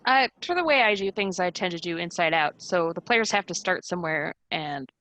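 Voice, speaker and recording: A woman's voice: on the low side, animated, brisk, fairly bright tone, low-quality recording. A woman on a panel of game masters, talking casually with many fillers and light laughs. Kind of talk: panel discussion chat.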